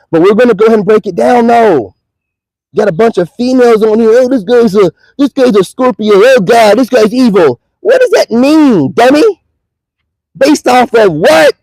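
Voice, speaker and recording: A high-pitched young man delivers a mocking, profane rant straight at the camera. The sound is dry and close, with no room echo. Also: a little mellow. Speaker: online video creator. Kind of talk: ranting monologue to camera.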